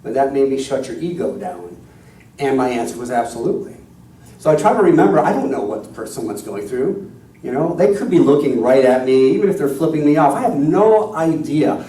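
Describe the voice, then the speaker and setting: A male minister gives a conversational, self-deprecating sermon. His voice is warm and mellow. It is picked up from a distance in a large, echoey church hall. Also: fairly high pitch, animated, a little fast. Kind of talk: sermon with storytelling.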